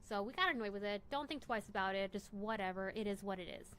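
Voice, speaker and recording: A woman's voice: medium pitch, fast, hardly any pauses, fairly bright tone, a little hiss or hum. A young adult woman streaming a game, telling a story in a casual, rambling way, often correcting herself and joking. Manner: rambling, self-correcting, jokey. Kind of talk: casual storytelling while gaming.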